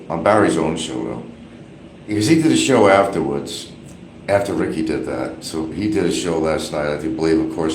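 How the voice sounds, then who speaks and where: Rambling man in an echoey bathroom. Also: sits low. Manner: rambling, gossipy, animated. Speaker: live streamer. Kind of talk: casual rambling commentary. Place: small bathroom with an exhaust fan running. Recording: echoey bathroom, faint fan hum.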